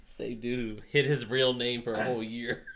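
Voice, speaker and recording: A man's voice: mid-range voice, steady tone, a little slow, crowd noise. A man co-hosting a casual podcast, telling boisterous stories and laughing often. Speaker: podcast co-host. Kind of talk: casual chat among friends.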